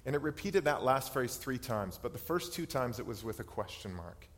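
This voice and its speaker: A man's voice: mid-range voice, very animated, normal speed. A man in his thirties preaching a sermon as pastor, earnest, personal and reflective. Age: 30s. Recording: long hall reverb.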